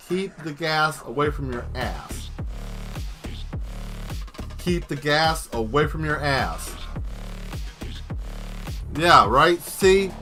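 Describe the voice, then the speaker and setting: A man's voice: on the high side, bright, forceful tone. A man livestreaming while he draws, rambling through a joking rant and laughing at his own jokes. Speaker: livestreaming artist.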